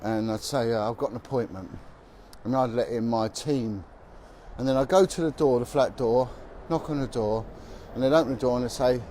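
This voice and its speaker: A man's voice: medium pitch, moderate pace, dark tone, a little hiss or hum. A man who is a former police officer, telling stories bluntly and with emphasis as he walks down a city street. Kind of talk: walking vlog monologue.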